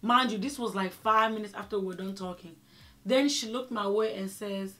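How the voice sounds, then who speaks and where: A woman vlogger telling a personal story in a chatty, animated way, with many fillers. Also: mid-range voice, moderate pace. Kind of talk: casual storytelling.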